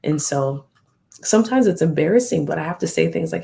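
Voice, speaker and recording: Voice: mid-range voice, lively intonation, fairly quick, creaky, dark tone. A host talking candidly and reflectively in a casual live stream, often acting out remembered exchanges.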